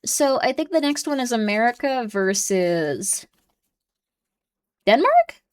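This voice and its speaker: A woman's voice: lively intonation, unhurried, clear, resonant tone. A young woman chatting casually and rambling with her viewers during a live stream. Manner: chatty, rambling, coos at her cat in a high baby voice.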